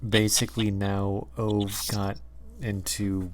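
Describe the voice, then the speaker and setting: A man hosting a stream who speaks calmly and reassuringly, with many hesitations. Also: lowish voice, takes it slowly, over a noisy crowd. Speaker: streamer host. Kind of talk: casual chat.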